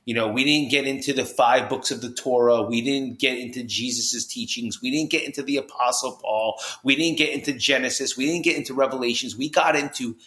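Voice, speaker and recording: A man from New Jersey, a podcast guest, telling his story with high energy, lots of restarts and "you know"s. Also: fairly even intonation, fairly quick, hardly any pauses, fairly bright tone. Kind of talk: animated storytelling in conversation. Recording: roomy echo.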